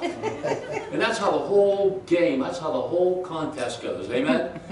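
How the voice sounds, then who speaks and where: High-voiced preacher in an echoey church. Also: male voice, lively intonation, measured pace, darkish tone. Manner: conversational preaching with audience questions. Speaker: pastor. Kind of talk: sermon. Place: church sanctuary. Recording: echoey church room from far off.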